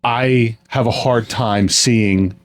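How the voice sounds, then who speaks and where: Speaking slowly in a steady, mid-range voice, a man in his forties reflects candidly on his own life while co-hosting a laid-back podcast. He runs the family business and tends to poke fun at himself.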